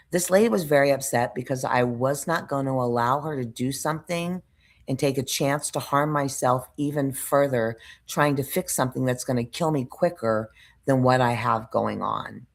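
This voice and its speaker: Gravelly low-voiced woman telling a story. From United States. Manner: frustrated, rambling retelling with restarts and searching for words. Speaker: vlogger. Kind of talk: casual storytelling monologue.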